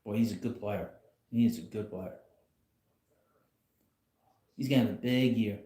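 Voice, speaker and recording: A man hosts a casual live stream from a rocking chair at home, rambling bluntly and chuckling frequently. His voice is fairly low and mellow, a little slow, and the sound is roomy.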